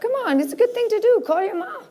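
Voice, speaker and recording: A woman giving a lively, self-mocking talk from a stage to a live audience at a spiritual conference. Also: very high-pitched. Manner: animated, self-mocking, breaks into quick voices for examples. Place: stage before a large audience.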